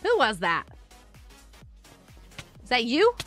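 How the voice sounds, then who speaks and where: A woman streaming a game live, giggling often and reacting excitedly while greeting her viewers. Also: fairly high pitch, slow pace, faint music behind. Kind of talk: live-stream gameplay commentary.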